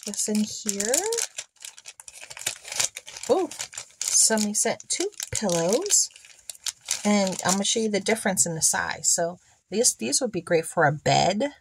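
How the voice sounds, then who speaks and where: A woman's voice: medium pitch, a little hiss or hum. A woman chatting casually as she unboxes and admires dollhouse miniatures, often asking viewers to look.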